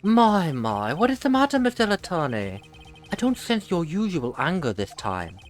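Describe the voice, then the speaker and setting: A woman voicing a polite, menacing gentleman assassin in a fan voice-over of a game. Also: lowish voice, big pitch swings, unhurried, soft background music. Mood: calm, menacing. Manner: courteous, formal, quietly menacing.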